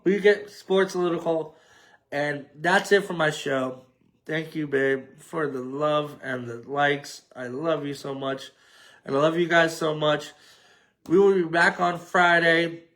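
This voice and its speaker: A man hosting a solo sports talk show from a home setup. His voice is nasal and mumbling, a little high for a man, and he rambles in a loose, joking way full of fillers. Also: a bit bright. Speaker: podcast host.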